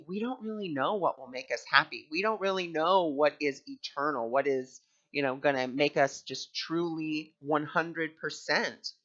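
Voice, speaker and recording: Male spiritual host, chatty and bright-toned, muffled lo-fi recording. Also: fairly high pitch. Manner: chatty, with frequent fillers. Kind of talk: casual spiritual talk with personal story. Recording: dull lo-fi recording.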